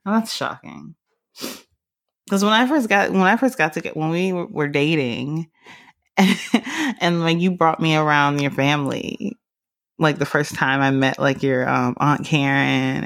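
A young woman hosting a casual podcast chat, animated and laughing often as she retells stories. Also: sits low, vocal fry, no echo, studio quality. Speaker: podcast host.

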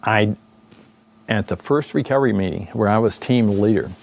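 Older man, deep voice, gravelly, rambling interview recollection. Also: normal speed, darkish tone. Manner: rambling, with many fillers and self-corrections. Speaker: interview guest, former condor recovery team leader.

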